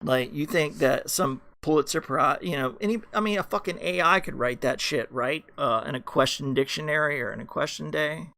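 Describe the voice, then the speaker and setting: A man's voice: a little high, moderate pace, vocal fry, few pauses, bright, forceful tone. A man hosting a podcast, ranting in a rambling monologue full of swearing and restarts. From United States. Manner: ranting, heavy swearing, many fillers and restarts. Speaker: podcast host.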